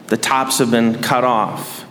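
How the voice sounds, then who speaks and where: A man giving a sermon as a priest, measured and dryly humorous. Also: mid-range voice, little pitch movement, background noise. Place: large church. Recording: echoey church hall.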